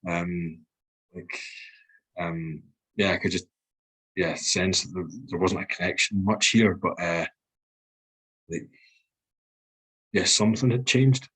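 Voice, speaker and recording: A man's voice: deep voice, steady tone, takes it slowly, long pauses, a bit bright, slightly rough, low-quality recording. A man with a Scottish accent, a guest speaking frankly and reflectively in a podcast conversation, swearing freely.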